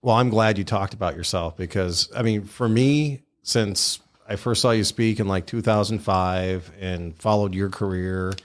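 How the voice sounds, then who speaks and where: Male podcast host, low voice, earnest and conversational, drops quick yeahs. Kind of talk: conversational interview.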